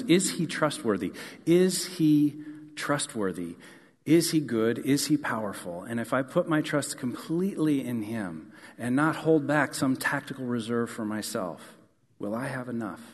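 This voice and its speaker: A man preaching a sermon in an earnest way. He rises to emphatic questions and then drops to a soft, quiet close. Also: mid-range voice, moderate pace, big-room sound. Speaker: pastor.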